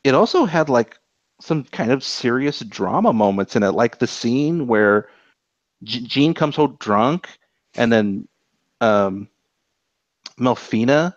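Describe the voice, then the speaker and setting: Man, podcast co-host, excitable rambler who swears, dry close mic, slightly dull audio. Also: medium pitch, slow pace, pauses often, no echo. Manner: animated, rambling, swears freely. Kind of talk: casual chat, reviewing anime episodes.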